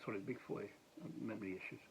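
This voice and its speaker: A man's voice: fairly low pitch, steady tone, fast talker, a little hiss or hum, rough recording. A tired middle-aged Scottish man, a former police officer, telling a meandering story late at night with many restarts, asides and chuckles.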